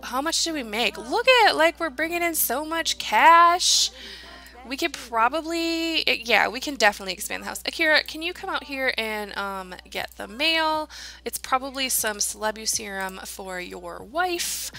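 Bright-voiced woman chatting over gameplay. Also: high voice, expressive, normal speed, creaky. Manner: chatty, giggly, talks to her game characters. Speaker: let's play gamer. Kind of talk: casual gameplay commentary.

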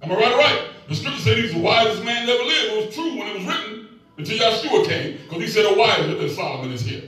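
A fast-talking middle-aged pastor with a high, somewhat bright voice and lively intonation leads his congregation in call-and-response, adding playful asides. The mic is distant and the room is echoey.

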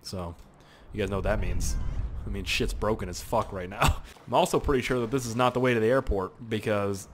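A young man giving casual, excitable commentary while playing a video game, swearing and exclaiming often. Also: lowish voice, brisk, a little hiss or hum. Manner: excitable and profane, frequent exclamations and laughs. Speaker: gameplay commentator.

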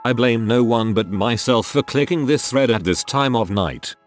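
A man narrating online stories in a steady, even reading style. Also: mid-range voice, moderate pace, soft background music.

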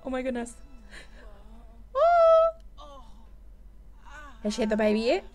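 High-voiced, gushing woman game commentator. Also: rapid-fire, dull audio, music in the background. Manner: gushing, excitable, exclaims often. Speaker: let's play host.

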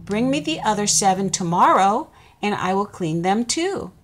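A woman's voice: mid-range voice, big pitch swings, normal speed. A woman doing a cheerful, kind kangaroo. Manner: cheerful, reassuring.

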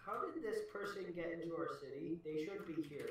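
A man's voice: fairly high pitch, brisk. A man playing an online block game, bantering playfully with friends. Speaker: game player. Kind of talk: casual gaming chat. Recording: echoey room, distant from mic.

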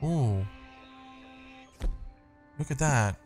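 A man's voice: mid-range voice, lively intonation, very slow. A man giving casual, chatty let's-play commentary, swearing and getting easily annoyed with the game. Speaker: gameplay streamer. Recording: commentary over loud game music.

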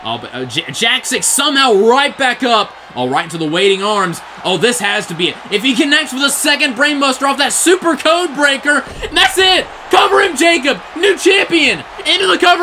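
A man giving excited play-by-play wrestling commentary, often shouting in disbelief, his voice getting strained. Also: very high voice, a little fast, few pauses, slight background noise, poor audio.

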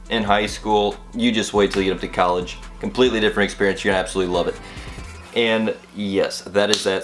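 A young man vlogger telling college stories in a casual, rambling, animated way, full of fillers. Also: deep voice. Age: young adult. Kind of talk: casual storytelling vlog.

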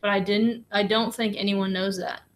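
A woman voicing a gentle father who speaks softly and haltingly in a storybook reading. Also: medium pitch, level tone, close to an everyday voice. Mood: tender. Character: gentle, quietly emotional father.

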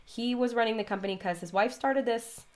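A woman's voice: fairly high pitch, fairly quick, a little mellow. A woman hosting her stitching vlog, chatting casually and rambling off on tangents while she stitches. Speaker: vlog host and cross-stitch designer.

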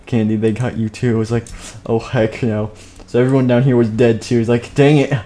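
A man's voice: mid-range voice, flat delivery, fairly quick, warm tone. A man narrating a game live stream, jumping between plain storytelling and playful character voices.

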